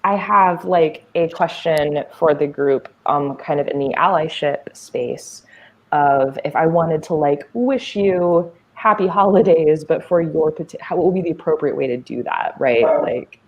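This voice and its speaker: A woman's voice: sits low, measured pace. A woman with a Southern US accent, a guest in a casual chat, talking hesitantly with many fillers.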